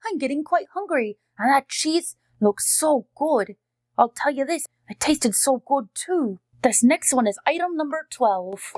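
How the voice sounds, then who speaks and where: A woman's voice: high-pitched, animated, a little slow, a little mellow, no room sound. A woman voicing a cheerful friendly female dog who hosts a kids' educational unboxing video, chatty, sweet and teacherly.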